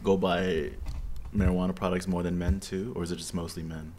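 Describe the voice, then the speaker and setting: A man's voice: sits low, flat delivery, fairly quick, warm tone, slight background noise. A man in casual chat, asking curious questions and laughing along.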